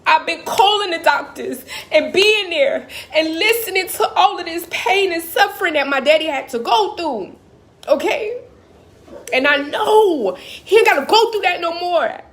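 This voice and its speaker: Woman, high voice, impassioned, direct-to-audience monologue. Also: animated, a little slow, a bit bright. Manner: impassioned, talks straight to the audience. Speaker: motivational speaker. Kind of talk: emotional personal monologue.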